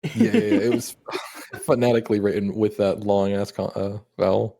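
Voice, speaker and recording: A man in a casual podcast chat, animated and swearing casually. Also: on the low side, normal speed, vocal fry. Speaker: podcast co-host.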